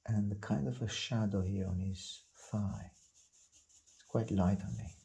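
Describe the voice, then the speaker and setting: A man teaching drawing, talking calmly and unhurriedly, often repeating single words under his breath as he works. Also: on the low side, vocal fry, low-quality recording. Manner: calm, unhurried, muttering repeated words while sketching. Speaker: art instructor. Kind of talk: slow drawing tutorial narration.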